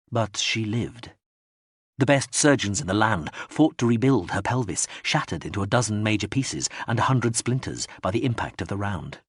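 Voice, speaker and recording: Husky man reading an audiobook. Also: fairly low pitch, no room sound, clean studio sound. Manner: measured reading, acts out quoted speech in raised voices. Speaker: audiobook narrator. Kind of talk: scripted narration.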